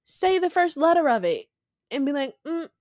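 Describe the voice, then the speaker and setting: A woman's voice: high-pitched, sing-song, moderate pace, a little mellow, no echo, clean studio sound. A young woman hosting a casual Bible study podcast, talking in an emphatic, conversational way with slangy asides. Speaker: podcast host.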